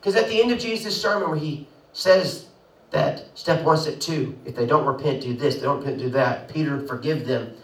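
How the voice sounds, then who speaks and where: A man's voice: fairly high pitch, normal speed, a bit bright, reverberant, far from the mic, low-quality recording. A man preaching a sermon with emphatic delivery, acting out the voices he quotes. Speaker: pastor.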